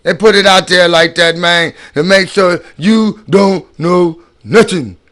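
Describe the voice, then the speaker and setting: A man's voice: high voice, a little slow, fairly bright tone. A man giving casual ranting commentary on videos, emphatic and slangy, often repeating and restarting his words.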